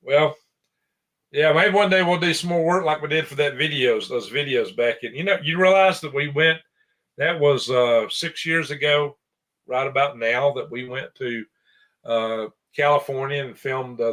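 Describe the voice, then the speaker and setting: Bright-voiced rambling American man. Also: medium pitch, moderate pace. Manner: rambling, self-correcting, chuckling. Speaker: show guest and channel host. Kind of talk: casual podcast chat.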